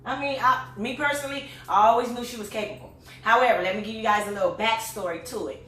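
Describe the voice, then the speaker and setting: Middle-aged mom hosting a chat, rambling animated storytelling, roomy echo, sitting back from the mic. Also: female voice, a little high, quick pace, far from the mic, a little hiss or hum. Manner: animated, chatty storytelling with frequent fillers. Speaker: host. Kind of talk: casual chat. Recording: echoey room, voice a bit off-mic.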